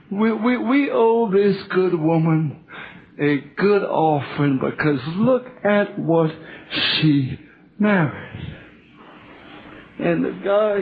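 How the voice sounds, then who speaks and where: Man, Southern US preacher, gravelly voice, tinny phone-like recording, repeats words. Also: high-pitched. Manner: halting, repeats words, rises to fervent shouts. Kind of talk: sermon testimony.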